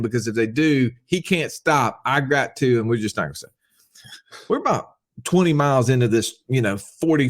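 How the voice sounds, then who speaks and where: A man telling a wild story as a podcast guest, excitable and quick to laugh, quoting people as he goes. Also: medium pitch. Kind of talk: animated storytelling.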